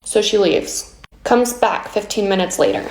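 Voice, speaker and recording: A woman's voice: mid-range voice, moderate pace, darkish tone, roomy sound. A woman casually telling a story to camera about her neighbor, matter-of-fact and step by step. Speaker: homeowner telling a story in a social video.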